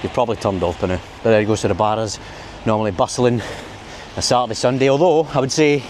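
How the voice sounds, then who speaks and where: A man's voice: lowish voice, steady tone, fast talker, noisy background. A man from Scotland with a Glaswegian accent, chatting and rambling as he walks the city streets at night for his vlog. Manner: chatty, rambling, laughs at own jokes. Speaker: vlogger. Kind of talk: casual walking vlog.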